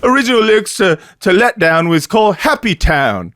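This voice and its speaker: A man's voice: high voice, sing-song, fairly bright tone, no echo. Man hosting a podcast, dry close sound. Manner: halting, filler-heavy, laughs often. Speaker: podcast host. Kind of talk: casual podcast discussion.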